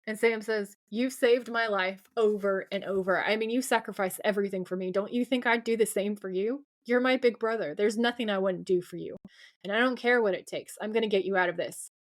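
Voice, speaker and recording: A woman's voice: mid-range voice, fairly quick. A young adult woman co-hosting a podcast, effusively retelling TV scenes by quoting the dialogue. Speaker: podcast co-host. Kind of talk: casual recap chat.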